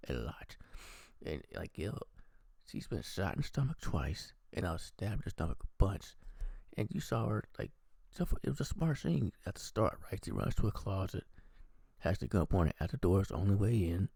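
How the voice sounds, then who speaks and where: A man's voice: deep voice, sing-song, moderate pace, vocal fry, a little mellow, husky, no room sound. A man giving a casual, profane movie review, animatedly acting out the characters' lines.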